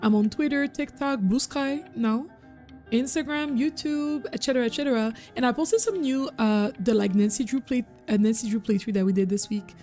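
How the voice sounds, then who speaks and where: A woman's voice: fairly high pitch, normal speed, mellow. Chatty bilingual streamer woman. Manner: chatty, switches between French and English, reacts to the game. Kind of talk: casual livestream commentary. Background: game music.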